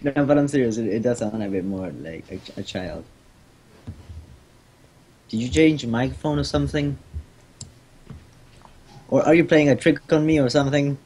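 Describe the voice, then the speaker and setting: A man's voice: medium pitch, darkish tone, slightly rough. A young man on a voice call with a headset, puzzled and blunt, joking and then backpedalling. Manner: puzzled, blunt, quick to joke then backtrack. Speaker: prank call target. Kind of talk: casual call chat. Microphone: headphones with mic on a voice call.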